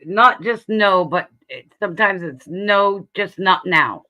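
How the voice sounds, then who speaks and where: A woman's voice: medium pitch, lively intonation, slow, bright, forceful tone. A woman hosting a casual livestream, speaking earnestly about her faith and laughing easily. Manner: earnest, sharing personal faith, breaks into laughs. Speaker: livestream host.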